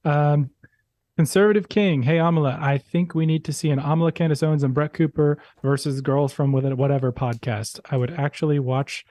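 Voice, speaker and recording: A man's voice: fairly high pitch, fairly even intonation, fairly quick, warm tone, no echo. A man co-hosting a casual talk show who reads viewer comments aloud and jokes easily. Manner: joking, easygoing. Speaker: co-host reading viewer comments. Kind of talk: casual chat.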